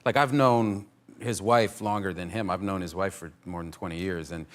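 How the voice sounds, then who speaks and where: A man as an interview guest, telling stories in a rapid, animated way. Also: low-pitched. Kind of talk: casual interview talk.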